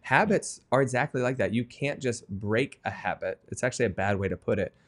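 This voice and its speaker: A man in his thirties, a guest author telling parenting stories in an earnest, animated way during a podcast interview. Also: mid-range voice, brisk. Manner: earnest, animated storytelling with laughs.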